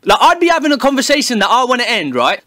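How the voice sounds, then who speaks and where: Young guy, high and lively, cheeky sweary comic rant. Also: fast. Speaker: comedy YouTuber. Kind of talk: comedic monologue to camera.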